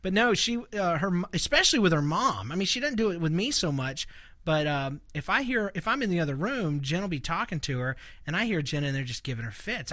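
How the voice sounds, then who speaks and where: A man's voice: fairly high pitch, brisk, dry recording, clean studio sound. A man hosting a podcast, telling funny stories in casual chat and laughing along. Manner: animated storyteller, laughs while telling. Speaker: podcast host.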